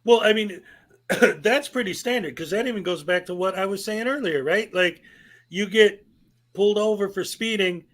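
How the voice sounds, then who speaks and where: A man hosting a casual talk show, speaking with animated energy and often repeating words as he starts a thought. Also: high-pitched, normal speed. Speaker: host. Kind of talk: casual chat.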